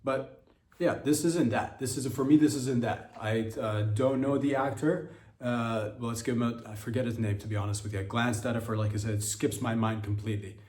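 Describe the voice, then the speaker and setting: A man's voice: mid-range voice, fairly even intonation, fairly quick, darkish tone, echoey room. Rambling man on a comedy podcast. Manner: rambling, profane, many restarts. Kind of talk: casual comedic rant.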